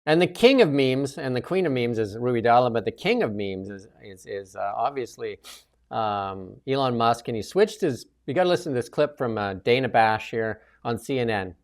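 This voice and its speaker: A man hosts a loose political chat show. He rambles, backtracks and fills pauses while getting his point out. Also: mid-range voice, lively intonation. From Canada. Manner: rambling, many restarts and fillers. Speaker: host.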